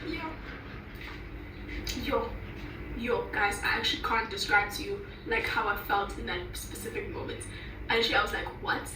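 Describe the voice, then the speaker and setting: A woman's voice: medium pitch, flat delivery, normal speed. A woman telling a dramatic story in casual chat, exclaiming and laughing as she goes. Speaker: storyteller in a clip. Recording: echoey, distant, noisy.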